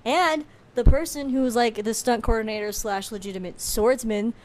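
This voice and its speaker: A woman's voice: on the high side, normal speed. A woman chatting casually, telling stories with lots of acted-out quotes and laughter. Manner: animated storytelling, acts out quotes with laughter. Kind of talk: casual chat.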